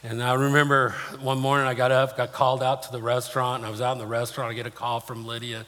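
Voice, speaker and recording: A man's voice: medium pitch, level tone, fast, fairly bright tone. Plain-spoken male preacher in a reverberant hall. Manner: plain-spoken, personal storytelling. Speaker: pastor. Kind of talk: sermon. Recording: long reverb of a large hall.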